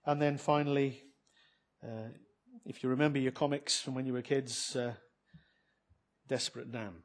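A man's voice: medium pitch, steady tone, moderate pace. A man preaching a sermon, conversational and emphatic, with frequent rhetorical questions.

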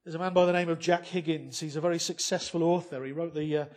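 A man preaches to a congregation, leaning heavily on rhetorical questions while alternating emphatic, loud lines with soft, quiet ones. He talks fast, in a steady tone and a somewhat high voice.

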